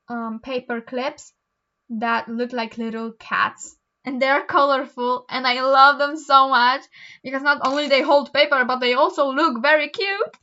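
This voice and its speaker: A woman's voice: high-pitched, sharp tone, muffled recording. Chatty young woman with a Polish accent. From Poland. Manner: chatty, rambling with many ums and restarts. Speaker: vlogger. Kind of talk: casual chat while doing homework.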